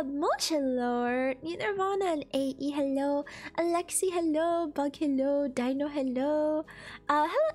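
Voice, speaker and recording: A bright, high-pitched woman speaks through a heavily congested nose into a desk microphone. She chats casually with her live-stream viewers, playful and quick to giggle. Soft background music sits low under her voice. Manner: playful, giggly, teasing the chat.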